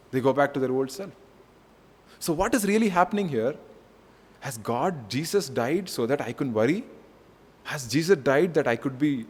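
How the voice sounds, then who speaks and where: A man from India preaching a sermon as pastor, earnest and repetitive, swinging between soft and emphatic delivery. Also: on the high side, in a large hall.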